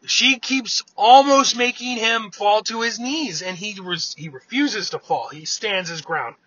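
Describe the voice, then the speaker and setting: A man's voice: sits high, unhurried, fairly bright tone, slightly rough, no echo, lo-fi sound. A man casually retelling an old myth in a chatty way, often restarting words as he talks. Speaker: storyteller.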